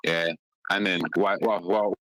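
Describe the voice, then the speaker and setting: A man's voice: sits low, steady tone, a little slow, a bit bright, no room sound. A man arguing in game voice chat, emphatic and repetitive in broken English. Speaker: voice chat player.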